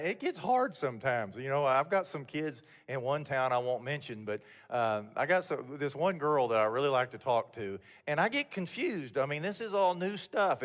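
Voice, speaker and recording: A man's voice: mid-range voice, a bit bright. Older man giving a folksy talk in a reverberant hall. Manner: folksy, candid storytelling with frequent restarts. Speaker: guest speaker. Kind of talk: motivational talk to mentors. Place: event hall.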